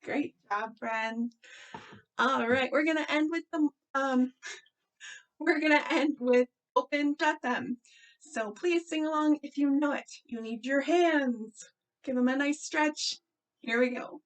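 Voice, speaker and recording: A woman children's librarian leading a storytime with a gentle, encouraging, sing-song way of talking to young children. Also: sits high, slow.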